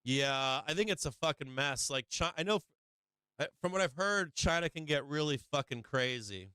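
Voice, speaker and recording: A man's voice: fairly high pitch, animated, moderate pace, pushed and bright, smooth, no echo. A middle-aged man hosting a casual livestream, chatting crudely, swearing freely and laughing often. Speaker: stock market livestream host. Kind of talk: profane casual livestream chat.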